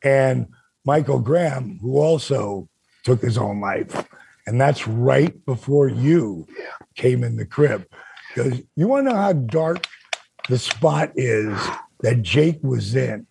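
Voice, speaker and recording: An older man hosting a talk show, telling stories in an animated way and acting out the quotes. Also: takes it slowly, vocal fry, a little hiss or hum. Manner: acts out quotes with big pitch jumps. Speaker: podcast host telling stories. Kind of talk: animated storytelling.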